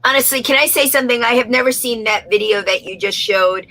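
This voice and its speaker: A woman guest telling a comic story with lively delivery, acting out the voices of the people in it. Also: on the high side, fast. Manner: animated, acts out the voices in her story.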